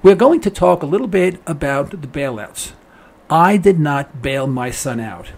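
A man with a notably high-pitched voice hosts a call-in radio show. He is middle-aged and tells his stories in a folksy, emphatic manner, acting out what others said. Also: expressive, measured pace, gravelly. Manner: storytelling, folksy and emphatic, acts out quotes. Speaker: radio talk show host. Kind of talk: call-in talk radio monologue.

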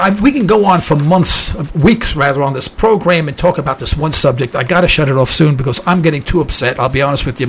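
A man hosting a talk radio show, delivering an impassioned political monologue full of restarts and sudden rises in pitch. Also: a little hiss or hum. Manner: heated, rambling, with many restarts and rising outbursts.

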